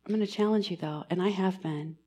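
A woman giving a sermon in church, earnest and pastoral, moving between emphatic lines and hushed, almost whispered ones. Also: fairly low pitch, a little fast. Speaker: preacher.

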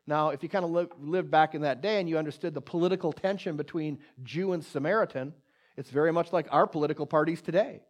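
A man preaching in a conversational way, retelling a personal story with many restarts and a hushed voice for quoted prayer. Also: a little high, fast. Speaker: pastor.

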